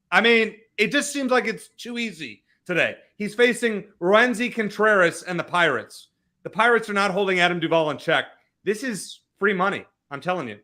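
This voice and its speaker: A man's voice: sits high, bright, forceful tone. A man giving sports betting picks, reeling off stats in an upbeat way. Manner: quick stat-heavy delivery, upbeat.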